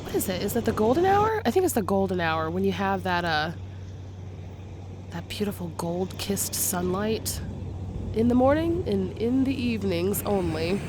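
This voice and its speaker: A woman's voice: medium pitch, lively intonation, normal speed, noisy background. Chatty woman with a sick voice. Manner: chatty, laughs often, admiring each find. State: sick, slightly hoarse voice. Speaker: beach vlogger. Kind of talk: casual narrated beach walk. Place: outdoors on a beach.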